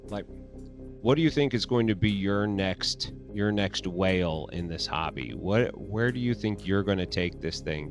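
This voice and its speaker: A man hosting a casual interview podcast, talking earnestly with frequent restarts. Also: fairly low pitch. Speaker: podcast host.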